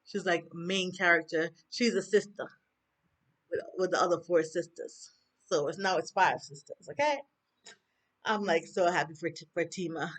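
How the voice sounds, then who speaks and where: Jamaican woman vlogger, chatty and animated, leans on rhetorical questions, recorded on a handheld phone. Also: on the low side, moderate pace. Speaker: TV review vlogger. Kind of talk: casual chat.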